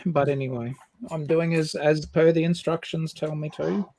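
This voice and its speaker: A man's voice: fairly high pitch, steady tone, moderate pace, dark tone. A man making easygoing, casual chat on a livestream and laughing often.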